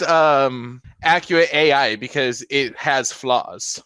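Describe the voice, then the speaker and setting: A man's voice: medium pitch, slow, bright, forceful tone, clean tone, no room sound. A young man chatting casually on a group podcast, rambling and joking. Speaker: podcast co-host.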